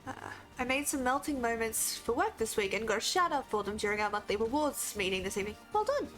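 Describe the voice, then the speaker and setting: A woman's voice: a little high, quick pace, a bit bright, soft background music. A woman from Australia chatting casually on a gaming stream, tired and sick, chatty and self-deprecating.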